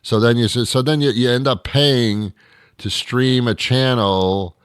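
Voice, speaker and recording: A man's voice: medium pitch, fairly even intonation, unhurried, clear, resonant tone, no echo, studio quality. A man hosting a show, delivering an exasperated comedic rant monologue full of stumbling restarts. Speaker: show host.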